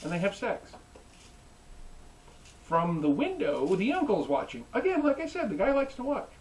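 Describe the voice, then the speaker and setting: A young man giving a joking, animated recap as a reviewer. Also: sits high, normal speed, far from the mic, rough recording. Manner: animated, joking, mimics characters. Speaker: anime reviewer. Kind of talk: comedic recap.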